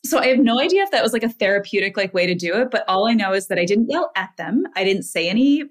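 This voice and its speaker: A woman's voice: mid-range voice, expressive, quick pace. A woman guest on a podcast, a mother and wellness coach, telling candid stories with laughter and filler words. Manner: candid, laughing storyteller with many "like"s. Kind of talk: casual interview chat.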